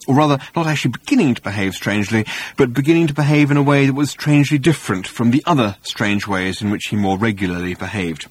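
A man narrating an audiobook with wry, animated storytelling, recorded on a close studio mic. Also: medium pitch, fast talker, husky.

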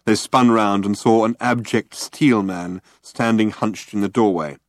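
Deadpan guy reading an audiobook, lowish voice, totally dry recording. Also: a little slow, dry recording. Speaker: narrator. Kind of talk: audiobook narration.

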